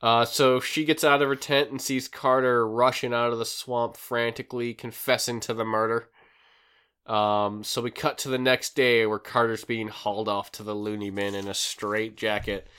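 A man's voice: medium pitch, flat delivery, moderate pace, a bit bright, clear, resonant tone. A man hosting a podcast who recaps a show in a rambling, casual way, full of fillers. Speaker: podcast host recapping an episode. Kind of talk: casual chat.

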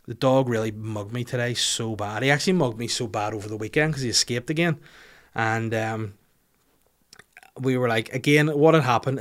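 A man with a Northern Irish accent, hosting a podcast and telling an animated, sweary, self-mocking story in casual chat. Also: mid-range voice.

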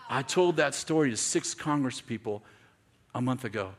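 A man preaching a sermon to a congregation, telling stories with quoted dialogue and building to shouted, repeated lines. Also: medium pitch, a little slow. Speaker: pastor. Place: church in front of a congregation.

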